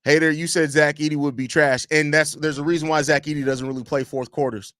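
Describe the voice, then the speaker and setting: Talking at a fairly quick clip with a flat delivery, a podcast host runs a casual sports live stream from home. His voice is a little high and somewhat bright, and he speaks loosely into a desk mic, repeating phrases and reading viewer chat questions aloud. The audio is dry and studio quality.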